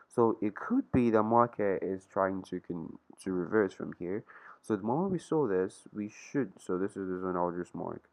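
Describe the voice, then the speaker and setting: A man's voice: deep voice, a little mellow, low-quality recording. A young man casually walking through a trading chart, thinking aloud in a slangy, rambling way. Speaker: trading vlogger. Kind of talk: casual screen-share trading walkthrough.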